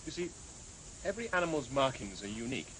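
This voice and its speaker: An actor in a TV drama playing a man who explains things briskly. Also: medium pitch, sing-song, fairly bright tone, a little hiss or hum, poor audio. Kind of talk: 1980s TV drama acting.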